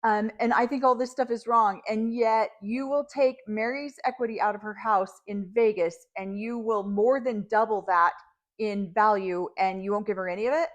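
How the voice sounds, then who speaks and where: A woman co-hosting a podcast, reacting to a reality show with animated, indignant, exasperated commentary. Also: medium pitch, normal speed, muffled recording. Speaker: podcast co-host.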